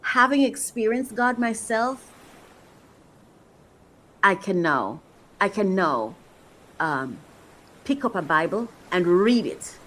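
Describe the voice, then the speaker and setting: A woman's voice: medium pitch, sing-song, takes it slowly, long pauses, fairly bright tone, low-quality recording. A woman coach giving an emotional, motivational faith talk, repeating phrases for emphasis. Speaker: faith-based life coach.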